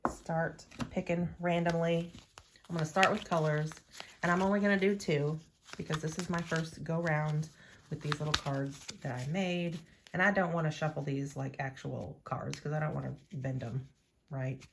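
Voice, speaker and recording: Chatty, playful woman with low voice. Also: fairly even intonation, moderate pace, noisy background. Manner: chatty, playful, talks to herself while working. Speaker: nail art vlogger. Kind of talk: casual chat to camera.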